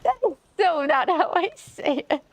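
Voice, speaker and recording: A woman's voice: sits high, measured pace. A woman co-hosting a game livestream, chatting casually and giggling good-naturedly.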